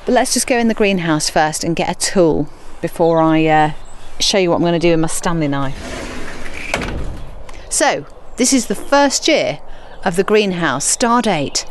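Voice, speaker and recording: A woman with a lowish voice hosts a casual gardening podcast from her small greenhouse in an outdoor garden, with a bit of hiss or hum in the recording. She's chatty and self-mocking, tossing in playful asides.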